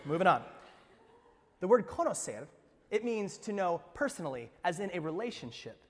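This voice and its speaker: A man pastor preaching an Easter sermon, expressive, swinging from hushed lines to emphatic ones with playful asides. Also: sits high, normal speed, in a large hall. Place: church sanctuary.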